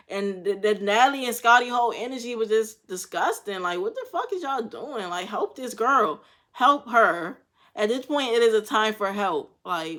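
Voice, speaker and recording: A young woman's mid-range, fairly bright voice carries casual commentary on a reality show episode. She speaks in loose slang, swears freely and doesn't hold back her frank opinions.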